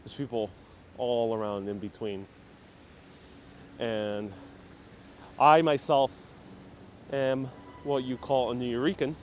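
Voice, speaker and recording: A man's voice: medium pitch, steady tone, takes it slowly, pauses often, a little mellow, slight background noise. Chatty man hosting a street tour. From New York City. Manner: chatty, reads viewer comments aloud and answers them. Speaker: walking-tour livestream host. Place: outdoors on city streets.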